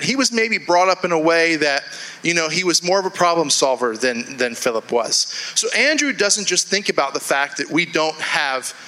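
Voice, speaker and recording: In a church, a male pastor preaches to his congregation in a conversational way, restarting phrases and acting out quoted inner voices. His voice is slightly high, pushed and bright. The recording quality is poor.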